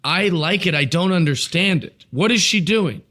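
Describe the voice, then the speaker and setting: Higher-voiced, bemused podcast co-host. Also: male voice, expressive, moderate pace, sharp tone. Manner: questioning, bemused. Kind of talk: casual podcast chat.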